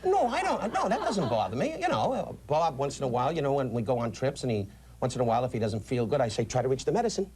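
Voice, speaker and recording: A man, a comedian guest on a talk show, rapid-fire wisecracking and laughing at his own jokes while putting on quick voices. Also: medium pitch, very animated, darkish tone, a little hiss or hum.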